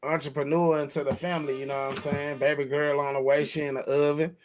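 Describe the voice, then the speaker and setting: A man's voice: a little high, flat delivery, fast talker, over a noisy crowd. A man, co-hosting a podcast in laid-back casual chat that he keeps filling with "you know what I'm saying.". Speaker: podcast co-host.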